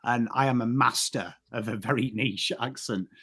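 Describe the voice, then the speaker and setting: An English man co-hosting a casual football chat, animated and rambling, often restarting his sentences. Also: mid-range voice, moderate pace, slightly rough. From England. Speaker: co-host.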